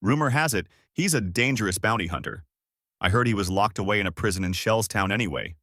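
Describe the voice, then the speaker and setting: A man's voice: fast, no room sound, clean studio sound. A man voicing a timid, nervous young male cabin boy who keeps shrieking in alarm. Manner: nervous, shrill yelling.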